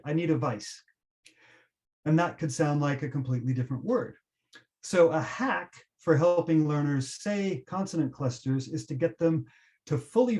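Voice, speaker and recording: A man giving a teacher-training webinar, explaining pronunciation and slowly modelling example words. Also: on the high side, a little mellow. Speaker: webinar presenter.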